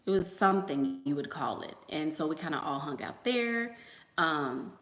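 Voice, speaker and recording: Hosting a casual livestream, this woman chats with viewers and spins gossipy stories, acting out quotes amid frequent fillers and trailing asides. Her low, slightly bright voice has lively intonation at a moderate pace, in a reverberant space.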